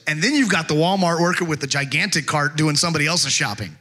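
A middle-aged male pastor delivers a conversational sermon, sliding from funny everyday stories into slow, emphatic readings of scripture. His voice sits a little high and sounds bright and forceful. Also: expressive. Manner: conversational storytelling with humor; slows down to stress scripture.

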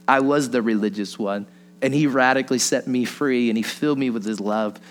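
A man's voice: mid-range voice, brisk. A man preaching a sermon in a casual storytelling way, chuckling through anecdotes and posing rhetorical questions. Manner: chatty, laughs while telling stories, rhetorical questions.

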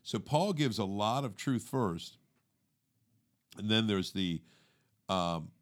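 A man co-hosting a faith podcast, explaining scripture in a casual, animated way and acting out everyday inner thoughts. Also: lowish voice, slow. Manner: animated, acts out inner monologue; calls listener "dude". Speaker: podcast co-host. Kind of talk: conversational teaching.

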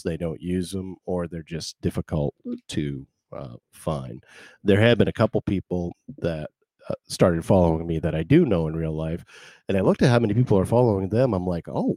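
A man's voice: low-pitched, warm tone, no echo, studio quality. A man hosting his podcast live, rambling in casual chat with wry asides. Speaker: podcast host.

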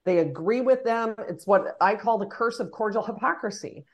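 A woman's voice: mid-range voice, animated, darkish tone. Emphatic woman leadership consultant. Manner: emphatic, lists points in quick repeated phrases. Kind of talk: interview answers, explanatory.

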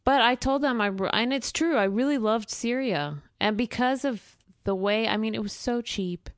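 A woman's voice: on the high side, moderate pace, dry recording, clean studio sound. Earnest woman explaining as a guest. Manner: earnest, explanatory, with frequent fillers. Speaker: interview guest. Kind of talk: casual interview.

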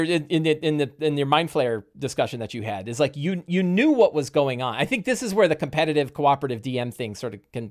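A man hosting a casual podcast conversation, telling game stories animatedly with many restarts. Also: medium pitch. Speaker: podcast host and game master.

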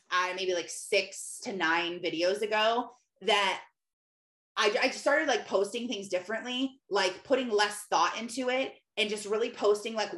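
Chatty woman, thirties, rambling testimony, mid pitch, roomy echo. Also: a bit bright. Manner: rambling, heavy use of "like". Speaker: speaker sharing a faith testimony. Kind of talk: casual personal testimony.

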